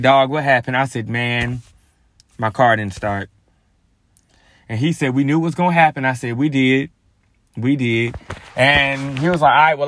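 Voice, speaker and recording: A man telling a personal faith testimony to his podcast listeners. His voice sits slightly high, and he talks in a loose, slangy way, often restarting sentences. The recording is dry and close. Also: fairly bright tone, dry recording. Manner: casual storytelling with slang and restarts. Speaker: podcast host.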